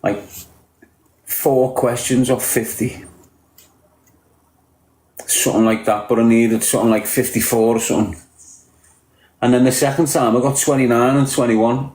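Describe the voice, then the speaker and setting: A man with a Liverpool accent talks casually to his livestream viewers, teasing them bluntly and swearing freely. His voice sits at an ordinary pitch. The room around him gives it a noticeable echo. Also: steady tone, normal speed, pauses often, a little mellow. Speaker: livestreamer reading viewer comments.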